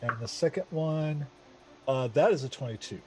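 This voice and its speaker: A man playing a tabletop game, talking slowly and hesitantly with many fillers. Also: fairly high pitch, warm tone, slight background noise. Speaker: player. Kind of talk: tabletop game play, casual.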